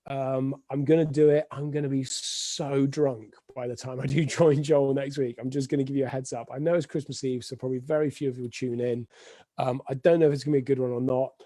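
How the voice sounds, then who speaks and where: A man talks off the cuff on his weekly live stream, drifting from thought to thought with lots of ums and false starts. His voice is warm and relaxed in a dry, close-sounding space with no room echo. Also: medium pitch, fast. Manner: rambling, with frequent filler ums and restarts. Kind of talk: unscripted casual monologue. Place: at home.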